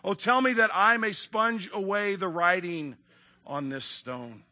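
A man's voice: sits high, a little slow, sharp tone, full character voice. A man reading aloud as a frightened old miser, pleading and urgent in a dramatic reading. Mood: imploring. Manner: desperate, begging, raised and urgent.

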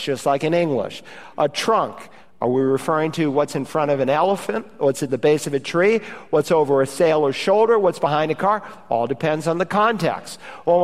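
Male pastor, lively sermon delivery, fairly high voice, echoing sanctuary sound. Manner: animated preaching, shouting out quoted hallelujahs and amens. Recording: reverberant church hall.

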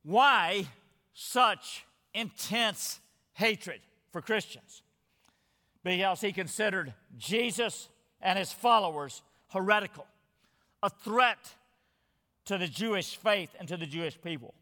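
A man's voice: sits high, expressive, takes it slowly, pushed and bright. A man preaching an expository sermon, reading scripture aloud with earnest, dramatic emphasis. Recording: long hall reverb.

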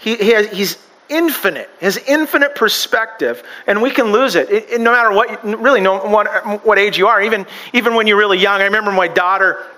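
A man's voice: high voice, a little fast, bright, forceful tone, rough recording. A pastor preaching a sermon in a chatty way, with joking asides and personal stories, often stumbling and restarting his sentences. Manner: conversational, joking asides and self-deprecating stories.

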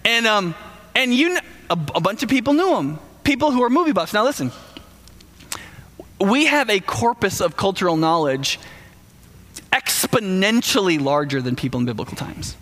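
A man delivers a sermon in a slightly high voice, talking to the congregation in an easy, conversational way that keeps turning animated. His words ring out with a long reverb, as if from a large hall. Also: moderate pace, pauses often. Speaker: preacher.

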